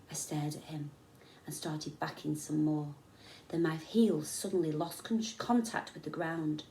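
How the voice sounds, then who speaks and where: A woman teacher reading a children's story aloud with expressive, dramatic storytelling. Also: low-pitched, measured pace, distant mic, slight background noise. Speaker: primary school teacher. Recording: echoey room.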